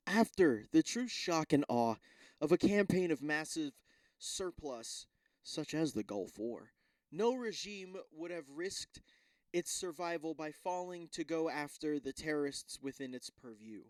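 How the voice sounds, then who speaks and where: A man's voice: on the high side, sing-song, a little slow, no echo. A young man hosting a solo podcast, chatting casually and rambling, swearing often and stumbling as he reads text aloud. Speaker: podcast host.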